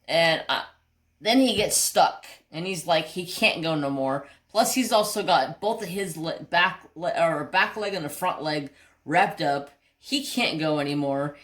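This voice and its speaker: Low-pitched woman, casual craft vlog chat, rambling animated storytelling, mild swearing. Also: a little slow. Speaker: craft channel host.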